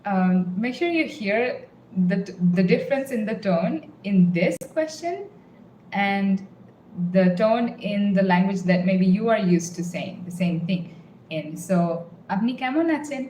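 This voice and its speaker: A woman gives a beginner language lesson at a patient, unhurried pace. She breaks each phrase down and repeats it word by word. Her voice sits in a roomy space with a faint hum of ambience behind it. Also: medium pitch, a little mellow. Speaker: language teacher.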